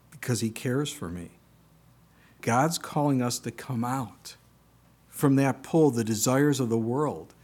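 A man in the middle of a sermon, talking to his congregation in a plain, conversational way. His voice sits at an ordinary middle pitch, and he reads scripture aloud, now and then breaking into animated exclamations. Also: slightly rough. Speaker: pastor.

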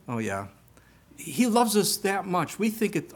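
A man preaching a sermon in a conversational way, reading scripture aloud and now and then breaking into animated exclamations. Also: high voice, measured pace, slightly rough. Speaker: pastor.

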